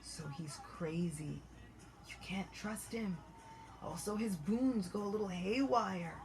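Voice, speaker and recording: A woman voicing a charming, persuasive young male priest who coaxes with soft hesitant asides. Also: mid-range voice, very animated, unhurried, faint music behind, rough recording. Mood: sly. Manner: smooth, coaxing, hesitant fillers.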